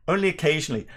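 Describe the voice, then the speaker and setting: A middle-aged man from Northern Ireland, with an accent mixed with English, hosting a relaxed whisky livestream and chatting through viewer questions. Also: on the high side. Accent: mixed Northern Irish and English. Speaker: whisky channel host. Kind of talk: casual livestream chat.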